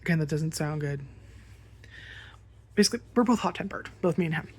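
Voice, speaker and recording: A woman's voice: sits low, expressive, a little fast, darkish tone, breathy edge. Rambling woman telling a storytime rant. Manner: rambling, swears freely, lots of fillers. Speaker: vlogger.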